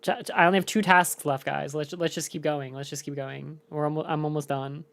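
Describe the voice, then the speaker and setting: A woman's voice: deep voice, steady tone, a little fast, creaky, fairly bright tone. A woman streamer chatting casually with her audience while playing, laughing often. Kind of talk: gaming stream chat.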